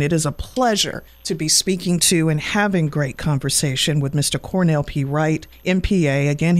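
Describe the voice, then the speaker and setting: A man hosting a weekend radio interview show, speaking with effusive praise and long, drawn-out phrasing. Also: a little high, dry recording.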